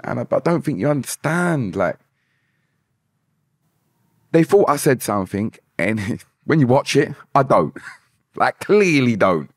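A man's voice: mid-range voice, very animated, measured pace, long pauses, no room sound, studio quality. A man guest on a podcast, talking emphatically and repeating himself. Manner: emphatic, repeats phrases like "hundred percent". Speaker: musician guest. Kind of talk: podcast conversation.

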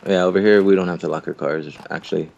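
A man's voice: sits low, fairly even intonation, quick pace, gravelly, dull audio, background noise. A young man being interviewed, telling long rambling stories in a casual, profane, laughing way. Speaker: interviewed clan member. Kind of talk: casual storytelling chat.

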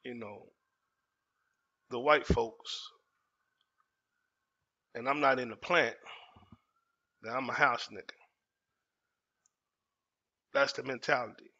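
A man's voice: medium pitch, slow, pauses often, bright, forceful tone. A man, telling a personal story in casual, emphatic talk and repeating phrases for effect. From Dallas, Texas. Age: 40s. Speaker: storytelling host. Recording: dull lo-fi audio.

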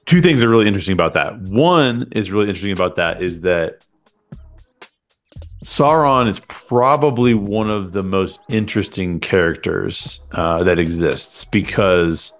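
Lowish-voiced man chatting casually. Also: expressive, normal speed, faint music behind. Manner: rambling, enthusiastic, frequent fillers and restarts. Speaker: podcast co-host. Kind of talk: casual chat. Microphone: desk microphone after switching from a headset mic.

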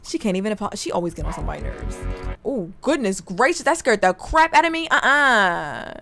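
A young woman chatting excitedly through a life-simulation game, talking to her viewers and to the characters on screen. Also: medium pitch, brisk, gravelly, soft background music. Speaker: gaming YouTuber. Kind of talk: casual let's play commentary.

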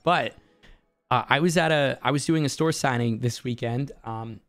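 A hoarse man, a voice actor, telling stories excitedly and laughing easily in a casual streaming chat. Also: medium pitch, soft background music. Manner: excitable storyteller, quick to laugh. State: hoarse from an inflamed larynx.

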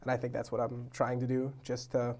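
A man's voice: medium pitch, fairly quick. A young man chatting as a guest on a casual talk show. He tells stories with energy and slips into quoted voices as he goes. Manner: animated storyteller, acts out quotes. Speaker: novelist guest.

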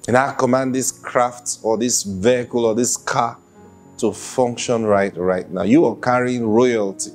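A pastor preaches at an unhurried pace. He acts out quotes and laughs between points. Soft music plays faintly behind him. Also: mid-range voice, steady tone. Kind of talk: sermon.

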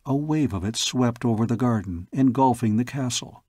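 A man narrating a pulp science fiction story aloud in a slow, measured storybook reading. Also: mid-range voice, a little mellow, no room sound, studio quality. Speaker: audiobook narrator.

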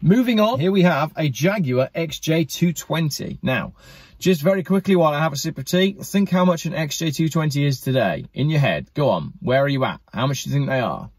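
A man with a husky, slightly higher voice hosts his car channel. He chats casually and enthusiastically, speaking straight to the viewers as he goes. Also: animated, brisk, dry recording. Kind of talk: casual talk to camera.

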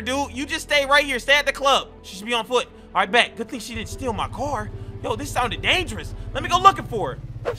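A man giving excitable, slangy role-play game commentary who often breaks into shouts. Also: very high voice. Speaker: gaming YouTuber.

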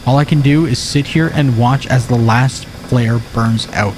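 A young man playing a video game live, chatting and joking with his viewers and reacting loudly to what happens on screen. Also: mid-range voice, animated, moderate pace, few pauses, a little hiss or hum. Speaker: streamer. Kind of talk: let's play commentary.

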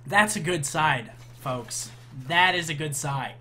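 A young man giving live commentary on his own shooter match, hyped and trash-talking, moving from calm play-by-play to loud outbursts. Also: a little high, takes it slowly, slight background noise. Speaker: gaming YouTuber.

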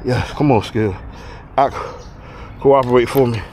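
A man filming an outdoor fishing vlog on a riverbank, talking excitedly to his viewers and out of breath. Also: medium pitch, measured pace, pauses often, slight background noise. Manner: excitable, shouting exclamations, talks to viewers as "y'all" and "guys". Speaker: fishing vlogger.

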